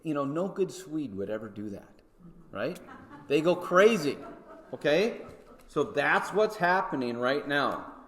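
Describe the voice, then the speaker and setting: A man teaching a Sunday school Bible lesson in a church, talking conversationally and checking in with his listeners with frequent "okay?" and "right?". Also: mid-range voice. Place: church hall. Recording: echoey hall.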